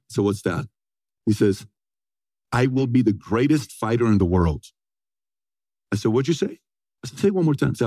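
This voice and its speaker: A man in his forties telling a story to an audience, energetic and punchy, often throwing questions back at them. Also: mid-range voice, dry recording. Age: 40s. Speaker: motivational speaker.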